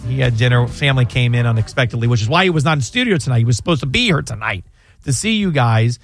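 A man who is a lawyer hosts a call-in legal advice radio show, speaking in an animated, mid-range voice at a quick pace. His talk is chatty and rambling, and he keeps interrupting himself to restart sentences. Soft music plays in the background.

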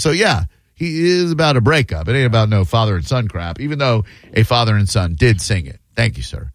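A man's voice: medium pitch, very animated, a little fast, no echo. A man in his fifties hosting a call-in radio show, loose and jokey, swearing casually.

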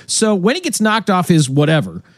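Male co-host, high and very lively pitch, mocking and animated delivery, dry close sound. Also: normal speed, no room sound. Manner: animated, mocking impressions, frequent laughs. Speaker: podcast co-host. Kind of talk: casual political chat.

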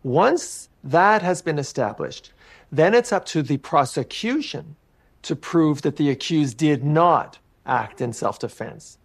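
Man, legal expert, interview, precise, explanatory, slightly higher voice. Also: expressive, slow, creaky, husky.

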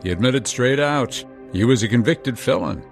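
A man reading a scripted true-crime narration in a measured way, with dramatic pauses. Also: mid-range voice, animated, gravelly. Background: music.

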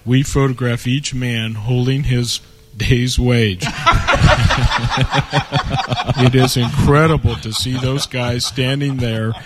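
Slow earnest man in a mock infomercial. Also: medium pitch, fairly even intonation. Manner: earnest salesman delivery full of double entendres. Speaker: comedy sketch performer. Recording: noisy studio recording.

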